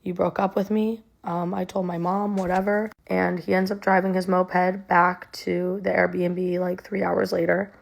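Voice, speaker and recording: Young woman, low creaky voice, flat delivery, lots of ums and likes. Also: measured pace, hardly any pauses. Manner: conversational with many ums and likes. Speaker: storyteller. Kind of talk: personal storytime.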